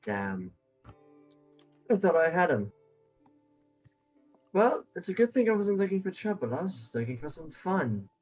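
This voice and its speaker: A man's voice: high voice, animated, measured pace, pauses often, a little mellow, breathy edge, soft background music, exaggerated voice. Man playing a cocky rogue adventurer. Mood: smug. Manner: smug, breezy swagger.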